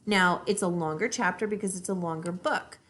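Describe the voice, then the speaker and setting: A woman teacher reading a children's book aloud and guiding a reading lesson in an expressive voice. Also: lowish voice, a little fast.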